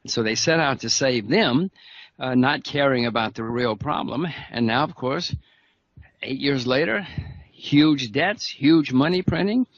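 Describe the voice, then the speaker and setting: A man's voice: mid-range voice, animated, measured pace, dry recording. A man speaking as an interview guest, emphatic, restarting phrases and adding wry laughs. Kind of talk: interview conversation. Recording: dull dry lo-fi sound.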